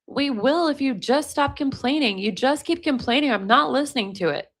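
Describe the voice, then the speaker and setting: A woman reading out the short, dismissive replies of a young man to his girlfriend, slow and flat. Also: high voice, heavily acted.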